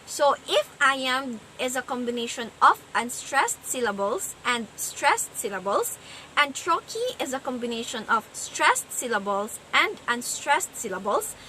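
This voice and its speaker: Woman student presenter, bright lively voice, unhurried explanatory delivery. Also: high voice, a little hiss or hum, poor audio. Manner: slow, explanatory, sounds out stress patterns. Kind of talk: class presentation on poetry.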